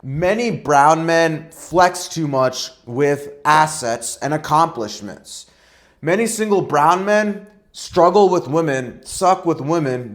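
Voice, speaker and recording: A young man coaching viewers on dating in a blunt, emphatic way, often tagging his points with "right?". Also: a little high. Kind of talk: direct-to-camera advice vlog.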